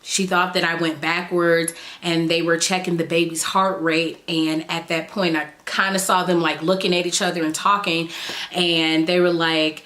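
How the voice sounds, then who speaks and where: A woman's voice: lowish voice, normal speed. A young woman from Chicago telling a personal story in a chatty vlog, acting out what people said. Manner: chatty, animated retelling with quoted dialogue. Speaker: vlogger.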